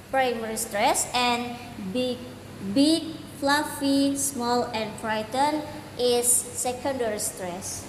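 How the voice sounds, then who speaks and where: A young woman presents slowly and steadily, pausing on fillers, at a fairly high pitch. The room is echoey, with a long hall reverb. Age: young adult. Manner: measured, with filler pauses. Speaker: student presenter. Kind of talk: classroom presentation. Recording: echoey hall, faint background noise.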